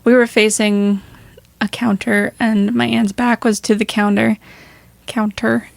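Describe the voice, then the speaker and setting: Hoarse, chatty woman podcaster. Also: fairly high pitch, little pitch movement, normal speed, no echo. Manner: laughs often, rambling and chatty. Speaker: podcast co-host. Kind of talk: casual chat.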